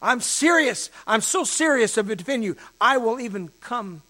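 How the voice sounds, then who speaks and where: A man preaching, voicing an agitated male disciple who loudly insists on his loyalty. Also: extremely high pitch, expressive, unhurried, pitched above the performer's own voice, full character voice. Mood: insistent. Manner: loud, insistent, protesting. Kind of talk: sermon.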